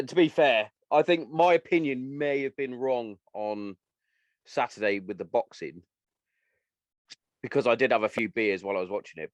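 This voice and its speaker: Blunt, lively man in a shed. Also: lowish voice, no room sound, highs cut off. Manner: blunt, crude, laughing, animated. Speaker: podcast host. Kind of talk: casual podcast chat. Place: garden shed.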